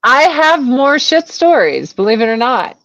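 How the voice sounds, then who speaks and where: Crude, animated woman telling stories. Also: sits high, measured pace. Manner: animated, crude, laughing storyteller. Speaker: guest. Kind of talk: casual storytelling chat. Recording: dull lo-fi sound.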